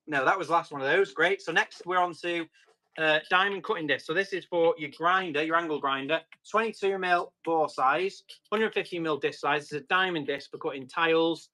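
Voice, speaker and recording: A man's voice: high-pitched, moderate pace, pushed and bright. Chatty man hosting a tool auction. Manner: chatty, laughs often, tries out accents. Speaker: auction host. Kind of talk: live-stream tool auction chat.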